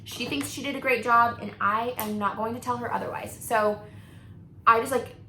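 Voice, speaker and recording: A beauty vlogger in her thirties talks casually while doing her makeup. Her voice sits a bit high and she laughs often, filling her talk with likes and ums. The room sounds echoey, with a faint hiss behind her. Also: fairly even intonation, moderate pace, pushed and bright.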